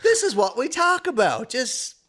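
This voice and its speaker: A man's voice: very high voice, unhurried. A man, co-hosting a casual podcast and telling stories with quoted voices and frequent laughs. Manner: animated storyteller, acts out quoted voices; laughs often. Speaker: podcast co-host. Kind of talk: casual storytelling chat.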